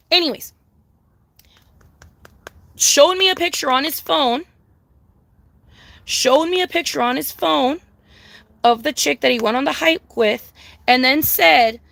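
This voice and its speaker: A woman's voice: high voice, creaky, pushed and bright, no echo. A young woman chatting casually with her viewers on a livestream, profane, emphatic and sassy, repeating her points.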